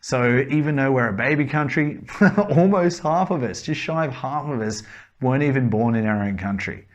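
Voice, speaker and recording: A man's voice: medium pitch, fairly quick, dull audio. Blunt, swearing Australian man. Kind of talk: casual opinionated talk.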